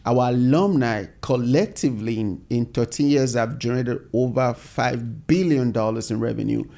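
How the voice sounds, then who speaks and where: A man's voice: medium pitch, normal speed, creaky, mellow. A man, a company founder, talking earnestly in a casual interview, explaining his ideas step by step. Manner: earnest, explains in steps with repeated phrases. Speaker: software company founder, guest.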